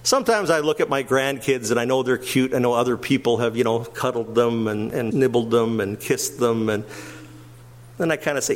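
An older man preaching a sermon, animated, swinging between emphatic raised passages and quiet asides. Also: medium pitch, normal speed. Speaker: pastor.

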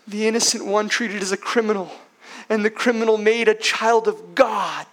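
A man preaching a sermon as pastor, emphatic, swinging between loud declarations and hushed passages, with rhetorical questions. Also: high voice, fairly even intonation, moderate pace.

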